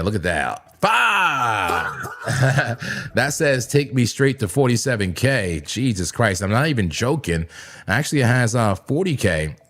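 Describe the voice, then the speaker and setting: A man hosting a live crypto trading stream, talking casually and excitably, with a voice hoarse and cracking from long streams. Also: fairly low pitch. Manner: excitable, laughs often, sudden shouts. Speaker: crypto trading livestream host.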